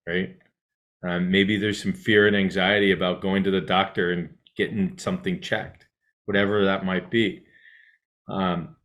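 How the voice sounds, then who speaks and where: Low-voiced man teaching mindfulness. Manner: rambling, many restarts and "right?" checks; drops to a soft hush when guiding breath. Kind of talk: casual mindfulness talk to a class.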